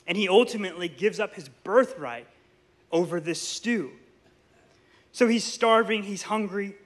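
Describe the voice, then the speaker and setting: A man, preaching a sermon in a church with animated storytelling and playful asides to the congregation. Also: high voice, a little slow. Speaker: pastor. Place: church sanctuary.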